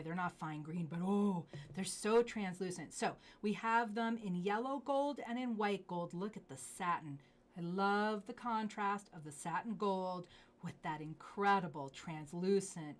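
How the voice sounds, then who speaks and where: A woman hosting a live jewelry sales show, gushing over pieces and dropping into hushed asides. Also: medium pitch. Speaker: jewelry live-stream host.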